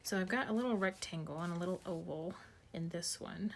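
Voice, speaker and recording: A woman streaming her card making from home, thinking aloud and muttering softly to herself as she sorts through supplies. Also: fairly low pitch, moderate pace, very noisy. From United States. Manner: muttering to herself while sorting supplies, soft asides. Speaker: craft streamer. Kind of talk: casual craft livestream chat.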